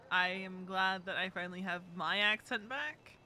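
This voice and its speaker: A woman's voice: medium pitch, normal speed, bright, forceful tone, slight background noise. A woman chatting casually in character during a roleplay game, laughing often. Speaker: streamer playing a roleplay character.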